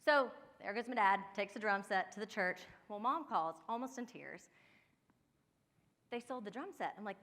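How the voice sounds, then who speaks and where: A woman's voice: mid-range voice, expressive, moderate pace, hardly any pauses, a bit bright, long reverb tail. A woman in her forties from Ohio, giving a chatty workshop talk with personal stories, laughing often and speaking straight to her audience. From Ohio, USA. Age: 40s. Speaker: downsizing and home organizing expert.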